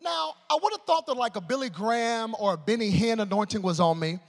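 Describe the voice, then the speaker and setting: A man preaching a sermon, telling a humorous story and swinging between loud excitement and hushed tones. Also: sits high, brisk, in a large hall.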